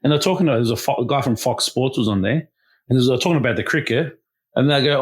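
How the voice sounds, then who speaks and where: An Australian man co-hosting a podcast, insistent and quick to jump in during casual chat. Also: mid-range voice. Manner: quick, insistent, keeps interjecting. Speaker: podcast co-host.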